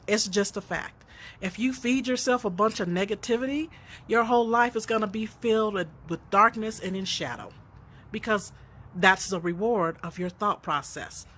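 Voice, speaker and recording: A woman's voice: medium pitch, normal speed, a bit bright. A woman author and counselor giving an unscripted, earnest motivational talk, preaching and telling stories with dialogue.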